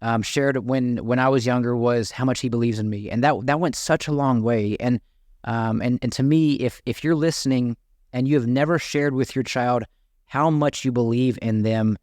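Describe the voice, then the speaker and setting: A man's voice: medium pitch, fairly even intonation, normal speed, a little mellow, dry recording, clean studio sound. Eager podcast host, a man. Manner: enthusiastic, rambling with many restarts. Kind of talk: podcast interview hosting.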